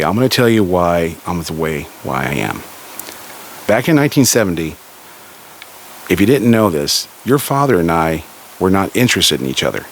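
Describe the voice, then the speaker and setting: A man's voice: sits low, slight background noise, rough recording. A man from Southern California telling a story casually, relaying a conversation with frequent "he goes" and "she goes.".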